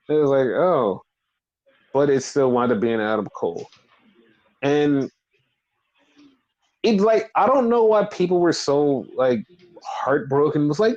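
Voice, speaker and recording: Man, casual podcast chat, lively swooping pitch, fairly high voice, swears a lot, mocking voice impressions. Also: measured pace, highs cut off. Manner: animated, swears freely, acts out quotes in high mocking voices. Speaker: podcast co-host.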